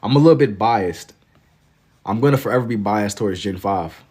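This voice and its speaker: Young man from Kentucky, slightly low voice, laid-back slangy livestream chatter while drawing. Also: moderate pace, a little mellow, slightly rough. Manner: laid-back and slangy, reading chat aloud. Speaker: livestreaming artist.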